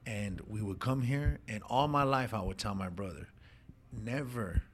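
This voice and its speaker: A man's voice: lowish voice, measured pace. A man telling an emotional personal story in casual street slang, calling his listener dog and homie. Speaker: guest sharing his life story.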